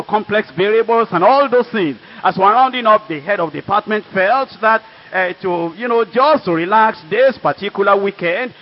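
An older man with a Nigerian accent, preaching and telling a testimony in an earnest, emphatic storytelling way. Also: sits high. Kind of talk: sermon testimony. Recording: dull lo-fi recording.

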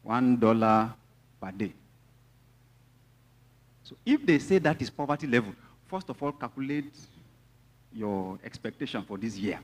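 A man's voice: medium pitch, animated, unhurried, pauses often. A man with a Nigerian accent, preaching a sermon as pastor, mixing teasing asides to the congregation with emphatic teaching.

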